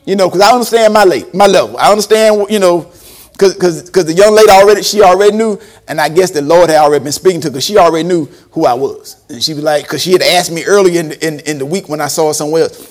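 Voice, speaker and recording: A man's voice: on the high side, fast talker. A man preaching a storytelling sermon, acting out quotes and laughing often. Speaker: preacher and former school principal.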